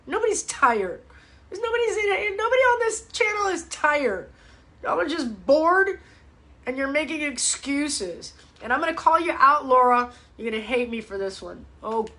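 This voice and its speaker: A woman's voice: sits high, animated, moderate pace, fairly bright tone. A woman fitness coach hosting a casual live-stream show, talking bluntly and with fired-up energy, teasing her viewers and swearing freely. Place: home, speaking to a live audience online.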